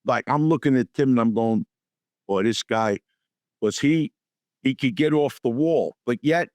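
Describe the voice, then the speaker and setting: An older man, an actor guest on an interview show, telling lively anecdotes and acting out the dialogue in them. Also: mid-range voice, unhurried, no room sound. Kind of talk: storytelling interview.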